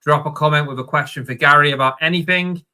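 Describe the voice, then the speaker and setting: A man's voice: on the high side, fast talker, pushed and bright. A man hosting a live stream, chatting and reading out viewer questions. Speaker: host.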